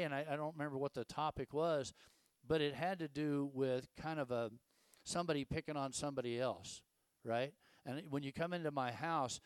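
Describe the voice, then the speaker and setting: A man's voice: a little high, clean tone, no room sound. An older man, preaching a casual, folksy sermon full of rhetorical questions and stories. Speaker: pastor.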